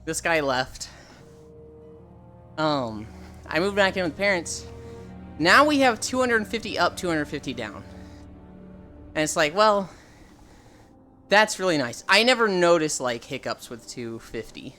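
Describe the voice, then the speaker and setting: A young adult livestreamer chats casually and ramblingly with viewers over soft background music, swearing freely and responding to chat as it comes. The mid-range voice is bright and forceful, with big pitch swings, a measured pace, and frequent pauses.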